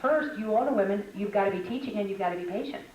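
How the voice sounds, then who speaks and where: A woman's voice: mid-range voice, rapid-fire, a little mellow, recorded from a distance. Older woman teaching in an echoey hall. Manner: chatty, humorous, storytelling. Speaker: speaker at a women's conference. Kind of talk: conversational teaching talk to women. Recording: echoey hall, mic from afar.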